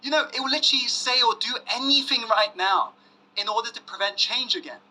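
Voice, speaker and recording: A man giving a motivational self-help masterclass, pressing the audience with questions and dropping to hushed emphasis. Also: very high-pitched, steady tone, a little fast, low-quality recording. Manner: emphatic, asks audience to say yes, swings loud and hushed. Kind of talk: motivational webinar talk.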